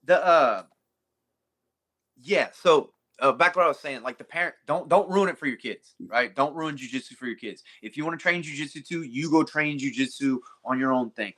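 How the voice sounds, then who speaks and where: A man speaks in a bright, forceful voice. He is a middle-aged jiu-jitsu coach who lectures bluntly and swears freely in a relaxed podcast conversation. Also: a little high, normal speed. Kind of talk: casual podcast chat.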